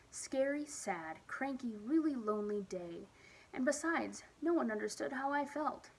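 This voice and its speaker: A woman reading a children's picture book aloud at storytime, with expressive, lively emphasis. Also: mid-range voice, breathy edge, poor audio. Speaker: storytime reader.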